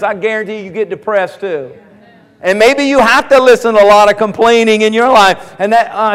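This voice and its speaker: A man preaching a sermon as pastor, slowing down and rising in force when quoting scripture. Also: high voice. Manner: preaching, slows and rises on scripture quotes. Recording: long reverb of a large hall.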